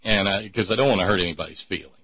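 A man's voice: sits low, very fast, breathy edge, no room sound, highs cut off. A man hosting a talk show, chatting in a rambling, sardonic way with many restarts. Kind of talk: casual call-in show banter.

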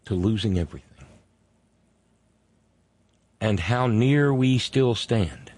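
A man hosting a political commentary monologue, indignant, stretching key words slowly for emphasis. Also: lowish voice, animated, darkish tone, dry recording. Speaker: host.

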